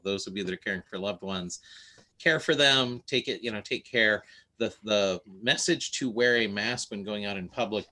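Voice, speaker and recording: A man's voice: on the low side, pushed and bright. A man hosting a casual live stream chat, talking earnestly and rambling a little, often trailing off between thoughts.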